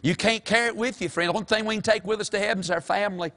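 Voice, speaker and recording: A man's voice: high-pitched, racing. An older man, preaching a folksy sermon as pastor and calling out to the congregation. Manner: folksy, animated preaching with call-and-response.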